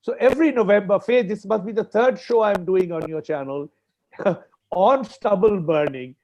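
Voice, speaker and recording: A man's voice: high-pitched, moderate pace, darkish tone, lo-fi sound. A man with an Indian English accent, arguing emphatically as a farmers' spokesperson on a panel discussion, repeating key points for stress.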